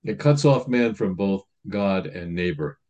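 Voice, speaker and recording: A man's voice: low-pitched, expressive, unhurried, darkish tone, lo-fi sound. A man priest giving a sermon in a conversational teaching manner, reading quotations aloud and explaining them.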